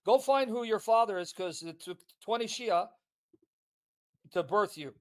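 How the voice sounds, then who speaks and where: A man's voice: high-pitched, lively intonation, a little slow. A man delivering a hostile, insulting tirade on a livestream. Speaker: online commentator. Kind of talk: livestream rant.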